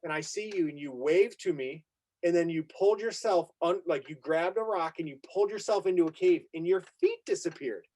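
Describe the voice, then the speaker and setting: A man hosting a casual talk show, retelling a story in a lively, excitable way and acting out what people said. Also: on the high side, fairly quick. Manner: excitable, vivid retelling with acted-out quotes. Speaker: podcast host. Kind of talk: animated storytelling in casual conversation.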